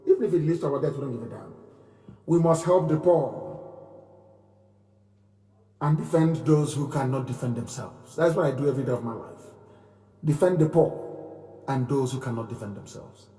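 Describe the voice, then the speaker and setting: A man giving an impassioned live speech, repeating phrases in a preaching cadence and moving from loud declarations to low murmurs. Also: echoey room, big-room sound, recorded from a distance. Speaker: movement leader giving a live broadcast.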